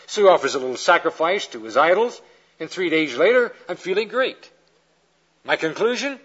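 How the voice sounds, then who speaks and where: With a high-sitting, breathy voice that moves a little fast, this man preaches in a lecture style. He animates his illustrations by playing the people in them, and the recording has its highs cut off.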